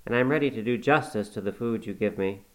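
A man's voice: fairly low pitch, fast talker, natural voice, poor audio. A man reading aloud as a brooding, curt middle-aged master of a house in a storybook. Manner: terse, dismissive.

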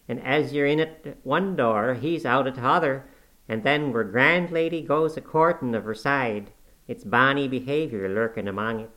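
A man's voice: medium pitch, natural voice. A man doing a cranky old servant. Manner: slow, loud, preachy ranting. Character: cantankerous old male servant, pious and scolding.

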